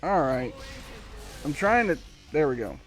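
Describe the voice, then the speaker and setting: A man's voice: a little high, very animated, measured pace, soft background music. A man streaming a video game live, rambling to himself with wry, casual commentary as he plays. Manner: rambling, self-talking, wry.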